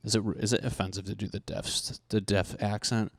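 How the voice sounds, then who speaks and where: A man's voice: fairly low pitch, normal speed, few pauses, dry recording, studio quality. A young man hosting a podcast, ranting profanely and animatedly in a solo comedic monologue, often mocking people in put-on voices. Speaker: podcast host.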